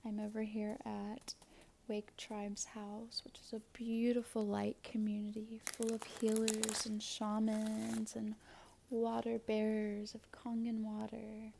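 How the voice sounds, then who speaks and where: Soft-spoken woman with gravelly fry. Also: fairly high pitch, completely flat delivery, slow, a little hiss or hum. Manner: soft, often half-whispered delivery. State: slightly swollen mouth after dental work. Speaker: tarot reader and astrologer. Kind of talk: spiritual vlog with prayer and tarot reading.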